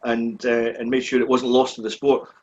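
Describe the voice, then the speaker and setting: A man in his forties with a Scottish accent, a speedway rider answering questions in a relaxed, plain-spoken way during a live online chat. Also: mid-range voice, normal speed, noisy background. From Scotland. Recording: dull, muffled lo-fi stream audio.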